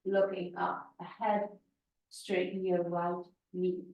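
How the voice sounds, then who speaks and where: A woman yoga instructor giving slow, calm spoken cues through a class. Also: fairly low pitch, recorded from a distance, dull audio. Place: yoga studio. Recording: echoey room, voice from afar.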